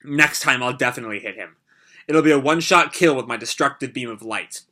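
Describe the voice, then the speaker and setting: A man's voice: mid-range voice, fairly quick, bright, forceful tone. A man reading a scornful villain woman's lines. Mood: scheming. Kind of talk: reading manga dialogue aloud.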